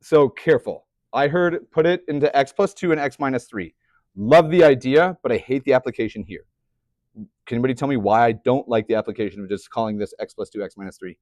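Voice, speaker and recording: A man's voice: medium pitch, fairly quick, darkish tone, no echo. A young man teaching a math class, chatty, often putting questions to the students. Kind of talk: classroom lecture.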